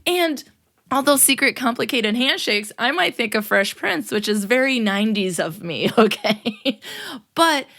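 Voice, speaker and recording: A woman's voice: fairly high pitch, lively intonation, a little slow, creaky, fairly bright tone. A young adult woman hosting a casual solo podcast as a teacher, upbeat and playful, often laughing and putting on quoted voices. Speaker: podcast host.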